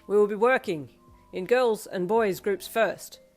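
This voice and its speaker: A woman voicing a strict male teacher who gives formal instructions loudly and firmly. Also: mid-range voice, unhurried, faint music behind, close to an everyday voice. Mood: stern. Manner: loud, firm, formal instructions.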